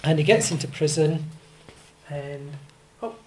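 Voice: medium pitch, a little slow, dark tone, a little hiss or hum, rough recording. Older preacher, rambling sermon. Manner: conversational and digressive, with asides and self-corrections.

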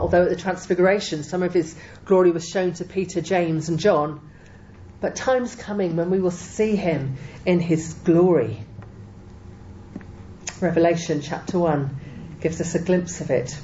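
A woman with a mellow voice on the low side preaches a sermon, teaching in a measured, emphatic way and quoting scripture often. The recording is dull and lo-fi with faint background noise.

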